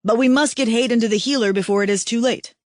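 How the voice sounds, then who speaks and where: A woman's voice: fairly high pitch, fast talker, a little mellow, no room sound, studio quality, voice pushed up, natural voice. A woman doing a formal, earnest alien warrior. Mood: urgent.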